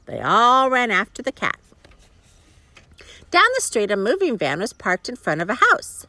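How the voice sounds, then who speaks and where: A woman reading a children's story aloud, expressive, with chuckling asides to her listeners. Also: fairly high pitch, measured pace, long pauses, dry recording. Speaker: storybook reader.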